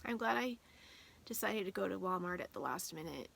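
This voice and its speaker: A woman's voice: on the low side, expressive, fairly quick, vocal fry, fairly bright tone. A woman vlogger telling a personal story in a casual, rambling way with many fillers, emotional and holding back tears at times.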